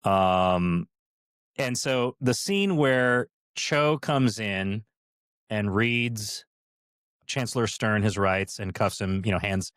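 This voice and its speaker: A man's voice: fairly low pitch, drawn-out words, fairly bright tone, clean tone, no room sound, studio quality. A middle-aged man co-hosting a podcast, telling stories in a casual chat with many fillers and restarts. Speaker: podcast co-host, former cast member.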